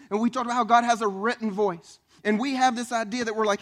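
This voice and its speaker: A man preaching a sermon as pastor, animated, acting out voices and questions. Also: extremely high pitch, quick pace, few pauses. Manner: animated, acts out voices and questions, southern "y'all".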